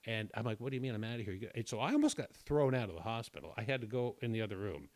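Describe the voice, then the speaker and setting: A man telling a long personal story in casual chat, rambling and self-deprecating, often clearing his throat. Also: on the low side, sing-song, rapid-fire, no room sound.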